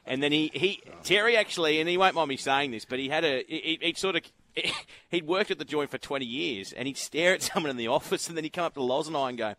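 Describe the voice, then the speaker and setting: A man's voice: fairly high pitch, fast, few pauses, bright, forceful tone. An Australian man presenting horse racing from the road, telling rambling anecdotes in casual radio chat and laughing often.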